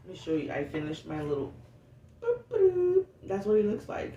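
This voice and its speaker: Quick and warm, with a voice that sits low, a woman rambles candidly and swears freely through an unscripted self-help vlog monologue. The lo-fi audio comes from a distant mic in a roomy setting, with faint noise.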